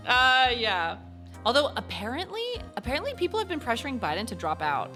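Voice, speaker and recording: Giggly twenties let's-play host, lively and high; game music bed. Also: female voice, normal speed. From United States. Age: 20s. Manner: giggly, rambling, chatty. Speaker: gaming channel host.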